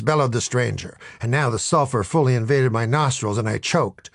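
Gravelly deadpan male storyteller. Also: mid-range voice, moderate pace, no room sound. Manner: dry, deadpan delivery with lively swings. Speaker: audiobook narrator.

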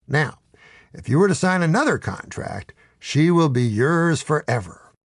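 A shifty male devil with a raised, wheedling voice, as a man puts him on for a comic storybook reading. He pitches his deals in quick salesman patter and turns fawning when scolded. The recording is dry and close, with a gravelly edge. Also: animated, no room sound, exaggerated voice. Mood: scheming.

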